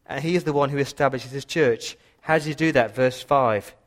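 Man, pastor, sermon, passionate, emphatic rises and hushed drops. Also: medium pitch, normal speed. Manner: passionate preaching, voice rising and dropping for emphasis.

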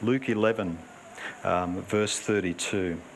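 A man preaching a sermon in an earnest, emphatic way, swinging between raised urgency and hushed emphasis. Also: deep voice, fairly even intonation, slow, vocal fry, noisy background.

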